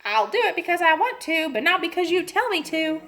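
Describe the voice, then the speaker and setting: A woman voicing a cross, rude female parrot who yells and repeats herself in a storybook reading. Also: extremely high pitch, big pitch swings, a little fast, pitched above the performer's own voice, heavily acted. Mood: rude, yelling. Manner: rude, yelling, repetitive.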